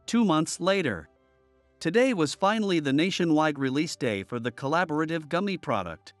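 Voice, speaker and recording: A man reading a first-person story in an even, measured storytelling voice. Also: on the high side, no room sound, faint music behind. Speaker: narrator.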